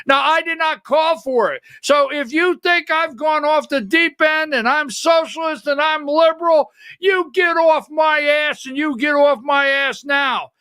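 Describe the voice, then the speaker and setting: A middle-aged man hosting a political commentary livestream, ranting with fiery profanity and shouted outbursts. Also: very high-pitched, measured pace, few pauses, dry recording, studio quality. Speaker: political commentary show host.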